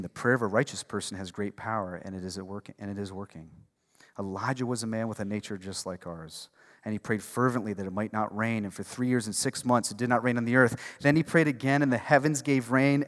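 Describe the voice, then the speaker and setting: Fired-up pastor preaching in a big hall. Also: male voice, fairly low pitch. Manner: conversational, swings from hushed to fired-up preaching. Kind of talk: sermon. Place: church sanctuary. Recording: long reverb of a large hall.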